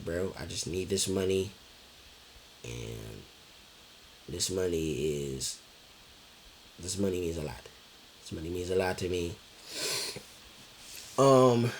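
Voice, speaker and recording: A man's voice: low voice, slight background noise. A young man telling a personal story in a loose, rambling way, repeating himself, with lots of fillers and swearing. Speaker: vlogger. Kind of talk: casual storytelling chat.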